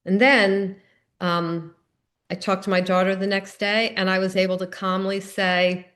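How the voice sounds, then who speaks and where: A woman's voice: mid-range voice, level tone, a little slow, fairly bright tone. A middle-aged woman giving a recovery meeting talk, telling personal stories in an earnest, conversational way.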